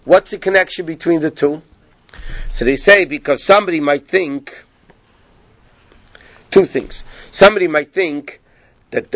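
A man with a fairly high voice teaches a Torah class, retelling a rabbinic story in loose, conversational speech and checking in with his listeners as he goes. The sound is dry and close, with a dull, muffled tone. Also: normal speed, long pauses, a bit bright, no room sound. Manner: conversational, asks "yeah?" of listeners.

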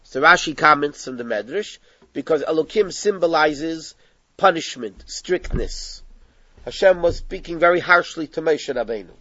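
A man leads a text study class, talking through the passage step by step and slipping in Hebrew terms. His voice sits a bit high for a man. It is captured dry and close on a dull, lo-fi recording. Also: lively intonation, moderate pace, sharp tone, no echo. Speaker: Torah teacher.

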